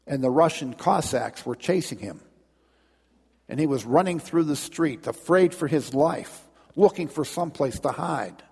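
A man's voice: medium pitch, darkish tone, breathy edge. Preaching man in a reverberant church. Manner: storytelling, with restarts and rising emphasis. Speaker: pastor. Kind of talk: sermon. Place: church sanctuary.

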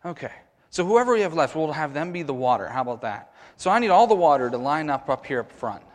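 A man's voice: on the high side, very animated, quick pace. A man leading a children's message at a church service, coaxing the kids through a skit and a short prayer. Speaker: children's sermon leader. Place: church sanctuary. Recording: long church reverb.

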